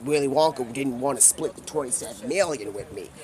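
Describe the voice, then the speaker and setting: A man voicing a gruff man who hides out in a bunker, speaking low and mumbling his complaints. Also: brisk, a little mellow, lightly acted. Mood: grumbling.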